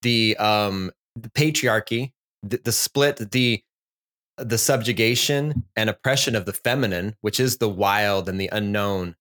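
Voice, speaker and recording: A man's voice: on the low side, a little slow, fairly bright tone. Reflective man musing on a podcast. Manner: reflective, musing on psychology and myth. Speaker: podcast co-host. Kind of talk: casual podcast chat.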